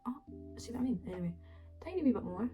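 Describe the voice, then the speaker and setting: A woman's voice: a little high, big pitch swings, quick pace, loud music behind the voice. Chatty Scottish woman, sweary and chaotic. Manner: chaotic, sweary, self-mocking chatter with sudden soft asides. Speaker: beauty vlogger. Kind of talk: chatty makeup tutorial. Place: her flat at home.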